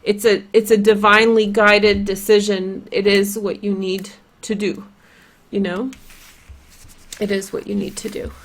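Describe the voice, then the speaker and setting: A woman's voice: mid-range voice, flat delivery, unhurried. Woman, Polish accent, tarot reader; casual, rambling delivery. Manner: chatty, rambling, lots of "like" and "you know".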